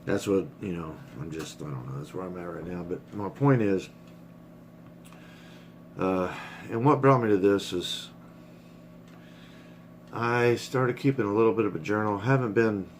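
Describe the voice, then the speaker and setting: A man's voice: on the low side, unhurried, pauses often, a little hiss or hum. A middle-aged man rambling candidly in a casual personal vlog, swearing freely and getting choked up. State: emotional, choked up. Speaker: vlogger.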